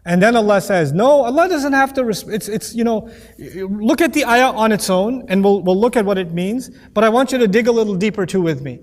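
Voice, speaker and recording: Animated male teacher in a reverberant hall. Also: sits high, a little fast. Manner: animated, playful, acts out quoted voices. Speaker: Quran teacher. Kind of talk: lecture on Quranic Arabic.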